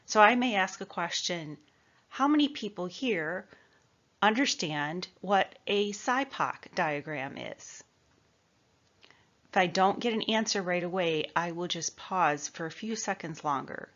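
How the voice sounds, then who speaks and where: A woman from the American Midwest giving an instructional talk on presentation skills, with a clear, measured coaching delivery. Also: on the low side, lively intonation, a bit bright, dull audio.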